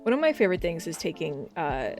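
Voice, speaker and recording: A woman streamer chatting casually and excitably, often swearing and breaking into laughter. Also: on the low side, fast. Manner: excitable, swears a lot, frequent laughing outbursts. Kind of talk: casual live-stream chat. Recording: faint background music.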